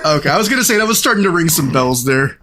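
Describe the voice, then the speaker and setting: Higher voiced guy, really bright sound, cracking quick jokes on a podcast. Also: big pitch swings, slight background noise. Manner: quick, jokey quips. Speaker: podcast co-host. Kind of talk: casual chat.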